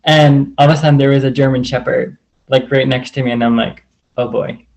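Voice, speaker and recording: A man's voice: medium pitch, fairly even intonation, a little fast, creaky, darkish tone, low-quality recording. A man telling a personal story in a casual, rambling way, full of "like", over a video call. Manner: rambling, heavy use of "like". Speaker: group call participant.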